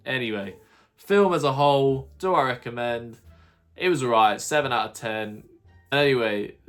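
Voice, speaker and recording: A man telling an exasperated, sweary rant in a casual vlog monologue. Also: medium pitch. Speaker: YouTuber.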